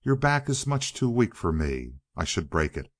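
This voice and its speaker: Storybook fox, sly and falsely polite, a man doing it, low and animated. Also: normal speed, no echo, clean studio sound. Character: sly cunning male fox.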